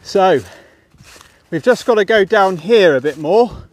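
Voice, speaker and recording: A chatty man narrates his countryside walk to the camera, muttering asides and little exclamations as he goes. His voice sits a touch high for a man, and at times he is out of breath from climbing. The sound is caught outdoors on a handheld camera. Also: animated, unhurried. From England. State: panting while climbing a muddy hill. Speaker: walking vlogger. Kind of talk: casual walking commentary to camera. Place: outdoors on muddy woodland footpath.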